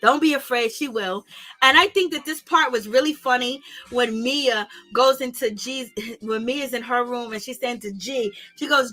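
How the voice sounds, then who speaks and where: A woman recapping a reality show in casual, slangy talk, animated and gossipy, laughing often. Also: sits high, moderate pace. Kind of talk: casual commentary.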